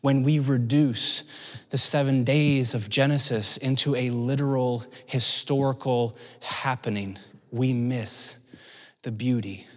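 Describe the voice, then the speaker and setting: A man preaching a sermon at a church service, expressive, dropping to soft low tones for emphasis. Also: slow pace. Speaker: pastor. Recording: long reverb of a church hall.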